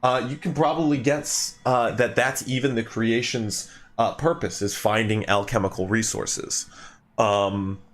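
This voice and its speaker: A man narrating as game master of a tabletop game, with many pauses and fillers. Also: mid-range voice, steady tone.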